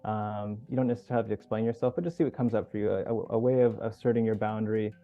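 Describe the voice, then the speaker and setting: A man hosting a group video call as coach, teaching in a relaxed, casual way. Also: on the low side, very fast. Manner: relaxed, casual, swears now and then. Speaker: workshop host and coach. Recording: dull lo-fi call audio with faint music.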